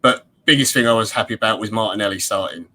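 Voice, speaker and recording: A man's voice: lowish voice, quick pace, pushed and bright, low-quality recording. A man, a guest on a casual football podcast, giving detailed and upbeat opinions on the lineup. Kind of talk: casual football analysis chat.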